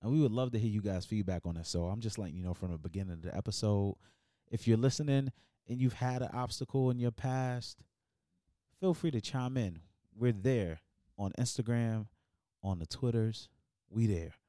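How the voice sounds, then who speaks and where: A man hosting a casual podcast with a lowish voice and a teasing, hype-man manner, sometimes calling out like a preacher to the church. The sound is close and dry, with no room. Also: normal speed, dark tone, no echo. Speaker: podcast host.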